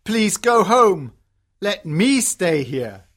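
A woman's voice: medium pitch, sing-song, drawn-out words, breathy edge, full character voice. A woman voicing a sorrowful old father in a storybook reading, sad, pleading and tender. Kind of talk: storybook character voice.

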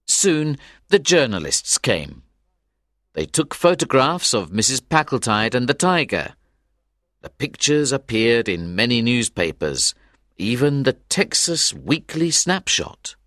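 A man narrating a simplified story in a measured, expressive way. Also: mid-range voice, no echo, studio quality.

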